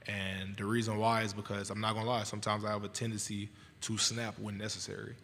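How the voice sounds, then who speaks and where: A young man from Louisiana answers press conference questions in a low, flat, calm voice, pausing with fillers and restarts. The sound carries the long reverb of a large hall with faint background noise. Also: vocal fry. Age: 20s. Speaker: college football player at press conference.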